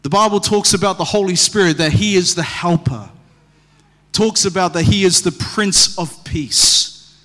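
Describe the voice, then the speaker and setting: A man preaching a sermon as pastor, animated and storytelling, with humorous asides. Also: high voice, measured pace. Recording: long hall reverb.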